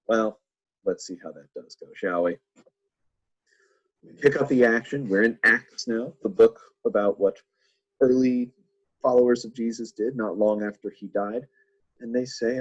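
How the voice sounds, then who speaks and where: A man's voice: medium pitch, moderate pace, breathy edge, no echo, highs cut off. A man teaching a church Bible lesson in a playful way, full of jokey asides to his listeners.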